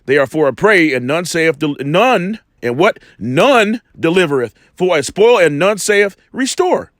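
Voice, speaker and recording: A man's voice: high-pitched, expressive, measured pace, a bit bright, no echo, clean studio sound. A man with a cold, casually teaching scripture, rambling with many restarts and rhetorical questions. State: has a cold, coughing. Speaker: religious teacher.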